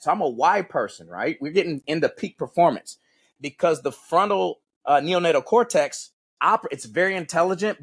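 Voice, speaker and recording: Man, husky voice, a bit high, animated storyteller, podcast guest. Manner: animated storyteller, acts out quotes, peppers talk with "right?" and "bro". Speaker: podcast guest, combat coach. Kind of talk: casual podcast conversation.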